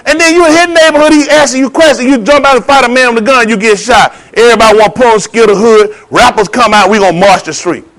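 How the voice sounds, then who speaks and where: A man delivering a heated, preachy monologue in slangy street talk, swinging between loud jabs and low asides. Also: fast talker, hardly any pauses. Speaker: vlogger. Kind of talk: ranting commentary monologue.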